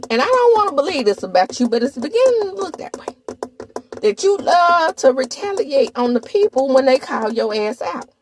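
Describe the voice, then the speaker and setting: Sassy, lively woman gossip host. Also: high voice, slight background noise. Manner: sassy, animated, talks straight to viewers. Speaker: gossip commentator. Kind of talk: casual reality TV recap.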